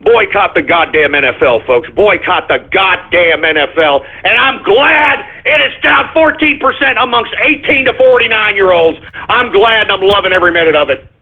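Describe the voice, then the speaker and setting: A man hosting a talk radio show, ranting loudly and profanely with indignant repetition. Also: high voice, moderate pace, hardly any pauses, husky. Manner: loud, profane, indignant ranting with repeated catchphrases. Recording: phone-like lo-fi radio audio.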